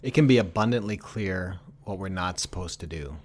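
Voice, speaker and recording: A man's voice: low voice, normal speed, a little hiss or hum. A man who is a pastor, speaking earnestly and emphatically in a reflective conversation.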